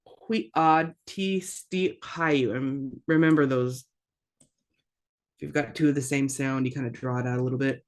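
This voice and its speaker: A language teacher leading a slow pronunciation drill, repeating each phrase and clearing their throat often, with casual asides. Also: mid-range voice, little pitch movement, a little mellow. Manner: casual, self-deprecating asides.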